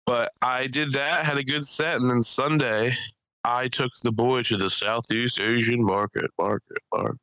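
A man telling rambling, profane stories in a loose podcast chat, often laughing at his own tales. His voice is bright and forceful, smooth and crisp, recorded dry and close. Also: medium pitch, fairly even intonation, measured pace, dry recording, poor audio. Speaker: podcast host and stand-up comedian. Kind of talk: casual storytelling chat.

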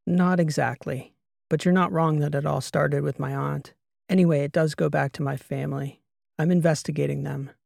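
A man voicing a calm, guarded female starship captain who speaks softly and in a measured way. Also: a little high, gravelly, dry recording, studio quality. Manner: soft, measured, quiet delivery.

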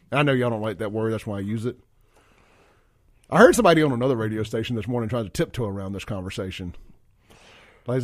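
A man hosting a radio talk show, telling stories in a blunt, animated way. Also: medium pitch, no room sound, clean studio sound. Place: radio studio.

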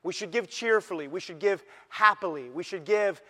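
A male pastor preaching a sermon, swinging from hushed, slow lines to loud, shouted passages. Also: high-pitched, big-room sound.

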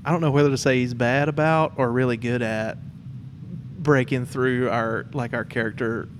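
A man's voice: mid-range voice, normal speed, a little hiss or hum. Easygoing man hosting a theatre chat. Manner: relaxed, rambling, many fillers and restarts. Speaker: podcast host. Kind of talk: casual interview chat.

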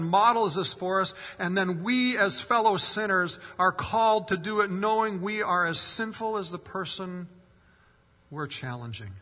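A man's voice: sits high, bright, forceful tone. A male pastor preaching a sermon in an earnest way, rising in force for emphasis and acting out quoted voices. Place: church sanctuary. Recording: long hall reverb.

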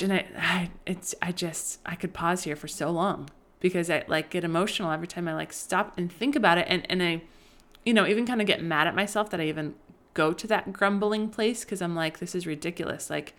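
A woman's voice: lowish voice, a bit bright. A young adult woman hosting a faith-based podcast for moms, talking in an earnest, rambling way with many restarts and "like"s. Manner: earnest, rambling, self-correcting, frequent "like". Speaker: podcast host.

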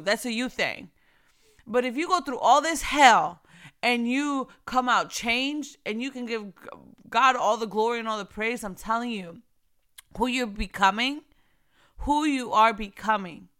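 A woman's voice: a little high, bright, forceful tone, clear, resonant tone. A young woman hosting a casual faith podcast, chatty and earnest, repeating phrases and laughing often. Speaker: podcast host.

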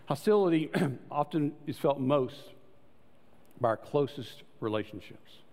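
A man's voice: lively intonation, a little slow, a little mellow. A man preaching a sermon in a conversational way, acting out the people in his stories. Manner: conversational preaching, acts out voices with rising pitch. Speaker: pastor. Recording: long hall reverb.

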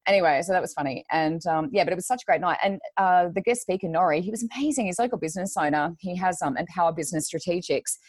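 A woman's voice: on the low side, quick pace, hardly any pauses, no room sound. A woman co-hosting a podcast, chatting casually and telling stories with acted-out quotes. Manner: animated storyteller who acts out quotes. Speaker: podcast co-host.

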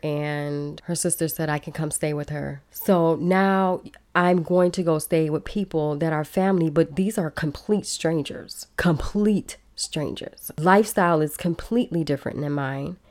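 A woman's voice: deep voice, a little mellow. A woman podcast host telling a personal story in a casual, chatty way, talking straight to her listeners.

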